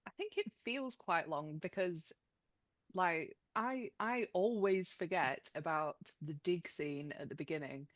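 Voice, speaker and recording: A Yorkshire woman, a guest on a podcast, speaks in a very low voice with her accent plain. The sound is close and dry, and she giggles often as she chats. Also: unhurried, no room sound, muffled recording. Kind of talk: casual chat.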